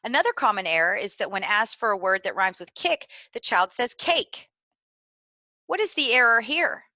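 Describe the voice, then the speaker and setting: A woman giving clear, deliberately enunciated instructional narration for preschool teachers. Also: medium pitch, expressive, sharp tone, no room sound. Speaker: early literacy trainer.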